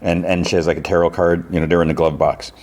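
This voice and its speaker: Podcast host, male, deep and husky, loose rambling recap delivery. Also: flat delivery, fast talker, a little mellow. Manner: rambling, paraphrases scenes with "he's like" and laughs at himself. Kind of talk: casual recap of TV episodes.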